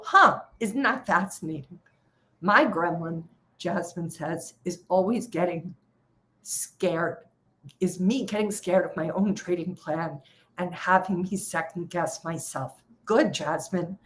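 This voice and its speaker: Middle-aged woman trading coach, energetic and emphatic, live coaching session. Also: fairly low pitch, slow pace. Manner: energetic, emphatic, acts out inner voices.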